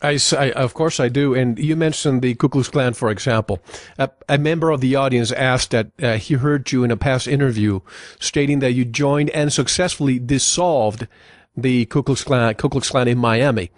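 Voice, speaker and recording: A man's voice: mid-range voice, dry recording. Man host, polite, keeps agreeing, dry close sound. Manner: polite, affirming, measured questions. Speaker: interview host. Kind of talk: interview questions.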